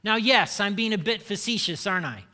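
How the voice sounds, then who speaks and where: A U.S. pastor with a high voice and sharp tone moves briskly through a conversational sermon. He plays with the audience, ribbing and joking with them, while a long hall reverb hangs over the recording.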